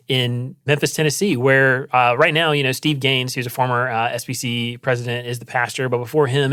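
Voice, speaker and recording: Male podcast co-host, mid pitch, heartfelt emphatic talker, dry close mic. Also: a bit bright, no room sound. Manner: earnest, emphatic, with many fillers. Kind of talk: casual chat.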